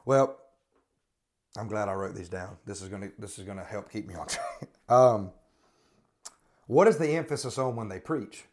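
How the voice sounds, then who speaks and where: A man's voice: on the low side, moderate pace, pauses often. A man hosting a podcast, giving critical religious commentary and hammering the same rhetorical questions while often restarting his sentences. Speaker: podcast host.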